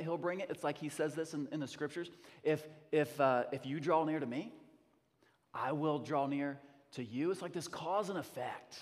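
A male pastor preaching a sermon with emphatic, energetic delivery and frequent repetitions, speaking in a church sanctuary. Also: fairly high pitch. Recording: long reverb of a large hall.

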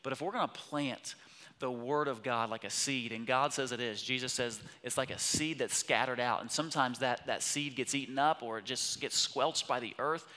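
A man preaching a sermon as pastor, impassioned, swinging from loud emphatic peaks to hushed whispers. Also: medium pitch, normal speed. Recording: long hall reverb.

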